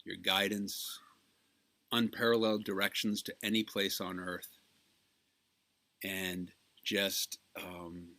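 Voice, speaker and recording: A man recording a birthday greeting who tells a story and pauses often with ums. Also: sits low, flat delivery, sharp tone, no room sound. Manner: storytelling, halting with many ums. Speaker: family member giving a birthday message.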